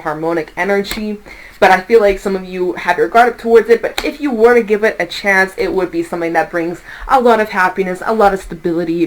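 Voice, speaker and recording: A woman's voice: on the low side, a little hiss or hum, low-quality recording. A woman giving a casual tarot reading, chatty and reassuring, laughing now and then and swearing lightly. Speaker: tarot reader.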